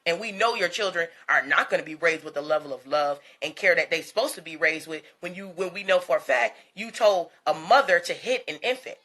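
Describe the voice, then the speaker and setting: Bright-voiced woman ranting in blunt commentary. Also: on the low side, a little fast, few pauses. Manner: blunt, profane and mocking, laughing often. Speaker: commentary channel host. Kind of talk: gossip commentary rant.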